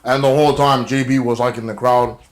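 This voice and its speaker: Casual male wrestling reviewer, mid-pitched, loose and rambling, swears freely. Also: flat delivery, fairly quick. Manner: rambling, many fillers, swearing. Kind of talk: casual recap vlog.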